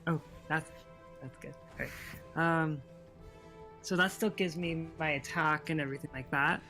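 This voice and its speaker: Male player, fairly high voice, casual and jokey, light music behind. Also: steady tone, normal speed, pushed and bright. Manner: laughing, joking, blunt. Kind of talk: casual tabletop game chat.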